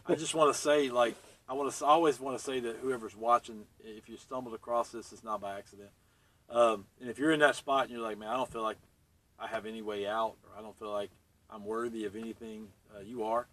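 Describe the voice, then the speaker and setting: A man's voice: on the low side, steady tone, brisk, a bit bright. Podcast host guy, encouraging, sounds a bit far from the mic. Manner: encouraging, affirming. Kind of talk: podcast interview.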